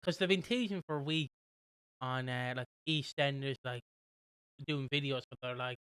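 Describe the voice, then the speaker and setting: A young British man co-hosting a podcast, casually recapping a soap with a rambling, animated manner. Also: mid-range voice, normal speed, clean tone, dry recording. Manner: rambling, animated retelling with quoted voices. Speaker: podcast co-host.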